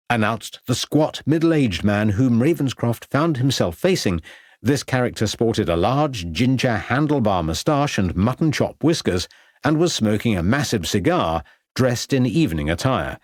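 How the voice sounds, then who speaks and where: A man narrating a detective novel in a measured storytelling manner. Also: medium pitch, very animated, darkish tone, no room sound, studio quality. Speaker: audiobook narrator. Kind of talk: scripted narration.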